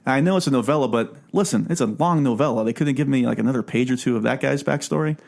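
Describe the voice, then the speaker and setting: Brief: male podcast host, mid-pitched, talky and animated, frequent restarts. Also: quick pace, vocal fry. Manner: chatty, animated, many restarts. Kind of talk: casual book discussion.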